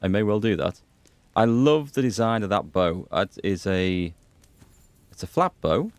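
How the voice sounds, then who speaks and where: A man's voice: fairly low pitch, expressive, unhurried, smooth, no room sound. A man hosting a gaming playthrough, chatting, joking and thinking aloud. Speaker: gaming host. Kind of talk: let's play commentary.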